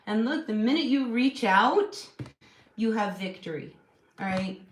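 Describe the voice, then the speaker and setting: A woman's voice: fairly high pitch, unhurried. A woman hosting a casual live tarot reading at home, chatty and encouraging, with lots of "you know" fillers. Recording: echoey room with steady noise.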